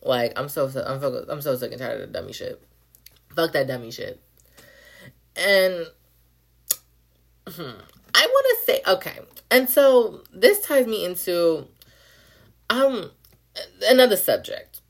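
A woman's voice: on the low side, big pitch swings, measured pace, creaky, pauses often, breathy edge. Blunt, profane young woman ranting. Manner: repeats phrases, many "like" fillers. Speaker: podcast host. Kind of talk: casual rant monologue.

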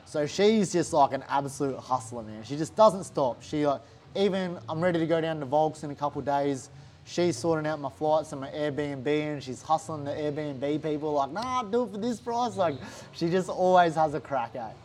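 Animated Australian man telling a story. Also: a little high, moderate pace, a little hiss or hum. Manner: animated, swears often, heavy use of "like". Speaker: interview guest, fighter. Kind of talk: casual storytelling chat.

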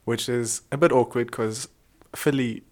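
A man's voice: mid-range voice, fairly even intonation, a little slow, a little mellow. A man co-hosting a casual podcast, joking in a playfully absurd way. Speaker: podcast co-host. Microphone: podcast microphone.

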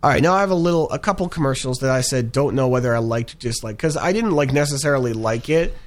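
A man's voice: medium pitch, expressive, quick pace. A young man chatting casually about ads he has seen, rambling with plenty of fillers and restarts. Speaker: co-host reviewing ads. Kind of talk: casual chat.

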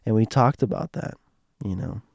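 A man with a hoarse, strained throat telling a personal story in a casual monologue, rambling and restarting, heartfelt with bits of joking. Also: fairly low pitch, moderate pace, a little mellow, no echo, studio quality.

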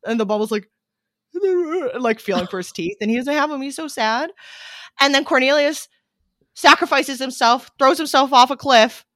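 A woman's voice: high voice, expressive, normal speed, fairly bright tone, no room sound, clean studio sound. A woman in casual chat, animatedly retelling a holiday movie plot with swearing and many fillers.

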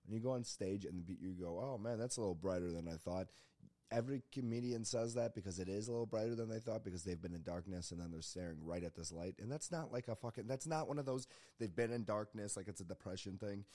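A man's voice: deep voice, warm tone, no room sound. Rambling, self-mocking male podcast host. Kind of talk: casual solo podcast monologue.

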